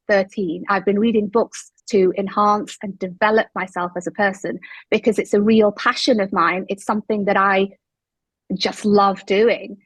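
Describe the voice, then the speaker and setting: A woman in her thirties shares her story as an interview guest, at a middle pitch for a woman. She grows emphatic and animated when she acts out what people said. The recording is dry, with no room sound. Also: dry recording, poor audio. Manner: animated, emphatic retelling with quoted dialogue.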